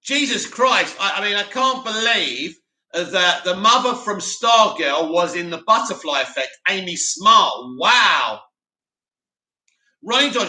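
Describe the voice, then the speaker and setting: A male stream host with a high, bright voice talks fast while casually reading live chat. He's animated, opinionated and rambling, and the room gives his voice a roomy echo.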